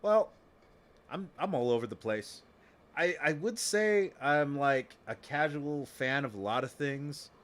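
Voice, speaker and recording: A man's voice: on the high side, animated, unhurried, a bit bright. A man streaming a game, chatting casually and jokily with his chat and swearing now and then. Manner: rambling, jokey, swears, chants and talks to chat.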